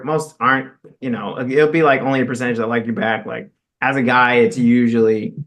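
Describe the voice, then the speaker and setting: A man's voice: medium pitch, pushed and bright. A man co-hosting a podcast in casual chat, rambling with many fillers. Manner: rambling, full of "you know" fillers. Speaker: podcast co-host.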